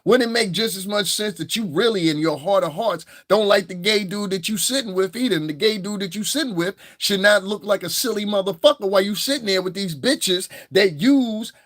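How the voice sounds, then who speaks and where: A man's voice: high voice, fairly quick, few pauses, fairly bright tone, dry recording, clean studio sound. A man giving crude, rambling, unscripted commentary, laughing often between points. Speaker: commentary streamer.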